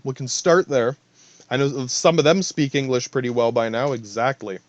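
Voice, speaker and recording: A man's voice: mid-range voice, normal speed, dry recording, muffled recording. A man hosting a podcast alone, rambling in a profane, stream-of-thought monologue full of asides. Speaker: podcast host.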